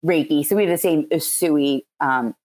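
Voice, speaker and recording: A woman's voice: deep voice, moderate pace, darkish tone. A woman with a Philadelphia accent, a Reiki practitioner chatting as a podcast guest in loose, rambling explanations. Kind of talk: casual interview chat.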